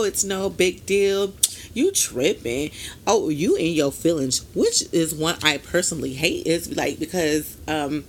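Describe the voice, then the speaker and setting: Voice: medium pitch, gravelly, slight background noise. A podcast host talking in a casual solo monologue, blunt and emphatic, with casual swearing and frequent asides to the listener.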